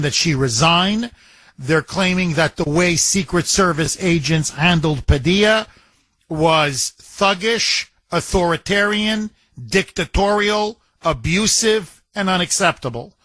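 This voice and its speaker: A man's voice: fairly high pitch, no room sound. A man hosting a political talk radio show, talking emphatically, repeating phrases and retelling events. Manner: emphatic, repetitive, animated retelling with quoted voices.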